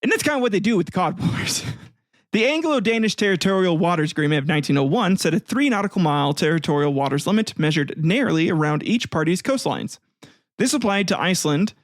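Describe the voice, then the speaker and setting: A man's voice: sits high, lively intonation, a little fast, no room sound, clean studio sound. A man hosting a casual comedy history podcast, rambling and swearing, laughing often as he retells events. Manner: profane, rambling, laughs often, acts out voices. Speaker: podcast host.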